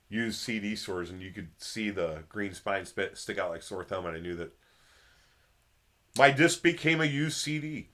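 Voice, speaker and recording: A band member co-hosting the band's show chats casually, rambling with many fillers. His voice sits low and has a sharp tone.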